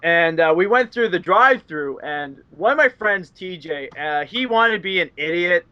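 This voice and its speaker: Guy telling rambly stories, lots of likes and ums, highish voice, flat dry sound. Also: normal speed, clear, resonant tone, no room sound. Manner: rambling, filler-heavy, laughs often. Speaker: interview guest. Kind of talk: casual storytelling chat. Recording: dull dry audio.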